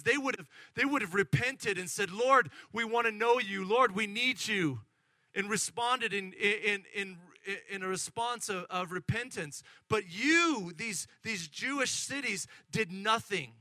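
High, bright-voiced preaching man. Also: no room sound. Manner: animated, acts out excited voices, addresses congregation. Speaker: pastor. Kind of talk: sermon.

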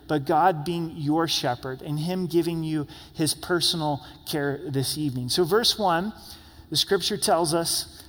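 A man's voice: a little high, unhurried, a bit bright, long reverb tail. A man in his young adult years preaching an earnest, conversational sermon at a church service, often repeating words as he speaks. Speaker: pastor.

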